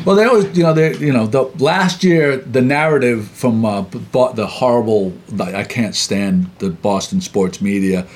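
A man hosting an interview, asking long, halting questions with many fillers and restarts. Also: mid-range voice. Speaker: interview host.

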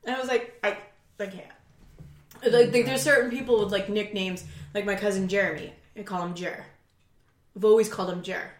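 A woman's voice: medium pitch, steady tone, fairly quick. Woman telling stories on a podcast, mid voice, dry little asides, echoey room. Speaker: podcast co-host. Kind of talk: casual chat.

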